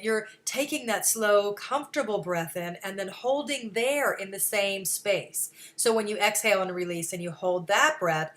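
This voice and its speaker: A woman on a show as a guest, teaching a breathing practice and slowly counting out the breaths in a soft voice. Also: mid-range voice. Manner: slow, soft counting with long pauses. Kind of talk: guided breathing instruction.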